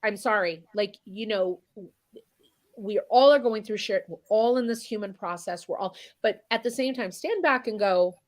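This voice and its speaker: A woman's voice: mid-range voice, normal speed. A woman talking as an interview guest, blunt and emphatic, swearing freely as she speaks her mind. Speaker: guest chef and singer. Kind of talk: candid interview talk.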